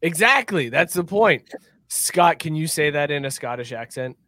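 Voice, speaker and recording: Man, podcast co-host, bright ringing voice, dry close sound, rowdy and loud. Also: a little high, normal speed, no room sound. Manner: loud, excitable and profane, often cracking up. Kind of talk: casual chat.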